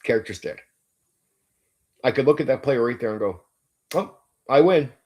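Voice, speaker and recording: A man's voice: medium pitch, brisk, a little mellow. A man hosting his own channel, giving a blunt, emphatic monologue about how he runs tabletop games, with frequent swearing and casual "like, dude" fillers. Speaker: game master and channel host.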